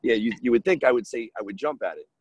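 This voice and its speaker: Animated gravelly-voiced man telling a story. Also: medium pitch, quick pace, no echo, poor audio. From New York. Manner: animated, acts out dialogue in his story. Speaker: guest real estate investor. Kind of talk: storytelling podcast interview.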